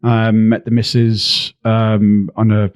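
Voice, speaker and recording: Teesside guy in his 40s, lowish voice, chatty with loads of ums, dry close mic. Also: takes it slowly, clear, resonant tone, no room sound. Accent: Teesside English. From Middlesbrough, England. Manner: relaxed storytelling with frequent ums and restarts. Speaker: podcast guest, security installer. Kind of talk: casual podcast chat.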